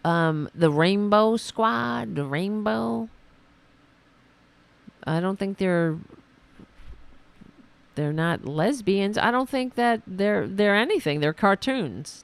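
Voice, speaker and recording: A woman hosting a political commentary podcast, ranting sarcastically and mocking opponents in high put-on voices.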